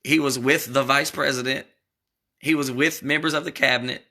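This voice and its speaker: Bright-voiced man ranting to viewers. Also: medium pitch, steady tone, normal speed. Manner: rambling, emphatic, talks straight to viewers. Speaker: political commentator. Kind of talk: casual political commentary vlog.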